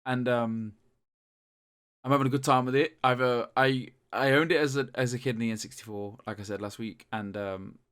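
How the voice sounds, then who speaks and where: A man's voice: mid-range voice, steady tone, moderate pace, fairly bright tone, smooth. A young man co-hosting a podcast in casual chat, rambling with many fillers and restarts. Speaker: podcast co-host.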